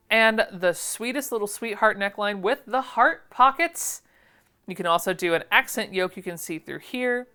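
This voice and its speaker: A woman's voice: mid-range voice, pushed and bright, clear, resonant tone. A woman chatting casually through an unboxing, gushing and often trailing off mid-phrase. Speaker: vintage sewing pattern collector.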